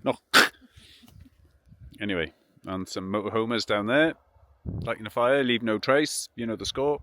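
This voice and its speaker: A man's voice: on the low side, a little slow, background noise. A man chatting casually as he films a travel vlog beside his campervan, easygoing and full of enthusiasm. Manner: easygoing, chatty, repeats "absolutely". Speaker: vlogger. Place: outdoors beside a campervan on the road.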